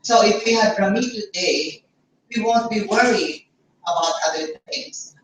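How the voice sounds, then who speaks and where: A woman's voice: medium pitch, measured pace, a little hiss or hum. A woman giving a conference talk, emphatic and blunt, repeating words for stress. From Philippines. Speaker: conference speaker. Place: conference hall. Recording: echoey hall, mic from far off.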